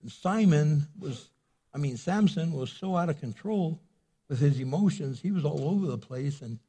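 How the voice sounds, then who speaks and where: Pastor, male, husky, slightly high voice, loose conversational preaching. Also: animated, moderate pace, dark tone. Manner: casual storytelling with many restarts. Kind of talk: sermon.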